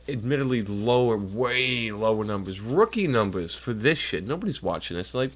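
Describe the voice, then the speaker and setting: A young streamer chats at home into a desk mic in a rambling, profane, jokey way, speaking to his chat with a slightly blocked, nasal nose. His voice is lowish with lively intonation, a little fast and hardly pausing.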